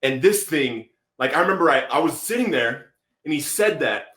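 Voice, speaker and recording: Animated man telling a story, roomy sound. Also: on the high side, moderate pace. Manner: animated, acts out quotes, says "bro" often. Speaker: podcast guest. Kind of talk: storytelling testimony.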